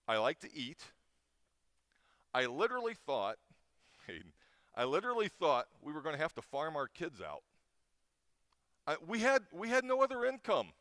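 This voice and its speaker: In a dry, studio-quality recording, a middle-aged chapel speaker shares a personal story during an informal talk. His voice is a little high and a bit bright, and he tells the tale with feeling, frequently starting over.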